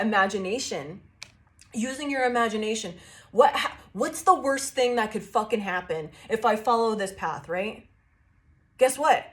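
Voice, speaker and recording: A woman with a slightly high voice gives a tarot reading like a fired-up pep talk. She swears freely, leans hard on her emphasis and breaks into laughter often. It sounds casual and personal. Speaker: tarot reader.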